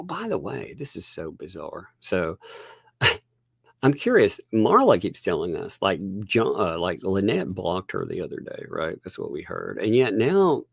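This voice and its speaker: A man's voice: on the low side, vocal fry, no echo, clean studio sound. A man with a Southern US accent hosting a casual livestream, rambling, chuckling often and thanking viewers. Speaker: livestream host.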